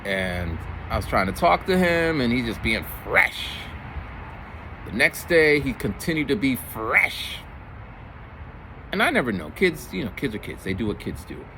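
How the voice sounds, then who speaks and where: A man in his forties, a middle school teacher, telling stories from his week in a casual, animated way. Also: a little slow, a little hiss or hum. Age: 40s. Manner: animated, jumps into high voices for quoted kids. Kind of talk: casual storytelling vlog.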